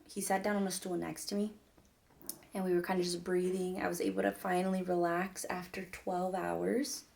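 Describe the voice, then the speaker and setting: A woman's voice: lowish voice, little pitch movement, moderate pace, creaky, a little mellow. A young woman telling a personal story to her viewers in a chatty, rambling way, full of "like" and "mind you guys". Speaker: vlogger. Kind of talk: casual storytelling to camera.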